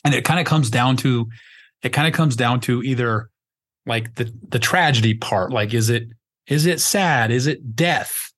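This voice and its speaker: This man's voice is mid-pitched and a touch bright, moving at a normal clip. Hosting a podcast chat, he talks in an emphatic, meandering way, often starting over as he gropes for words, with casual cursing sprinkled in.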